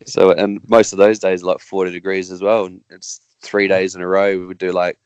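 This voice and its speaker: An Australian man, a guest racer, chatting casually on a podcast in a halting, rambling way with many restarts. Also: sits low, little pitch movement, a little mellow, smooth, dry recording, dull audio.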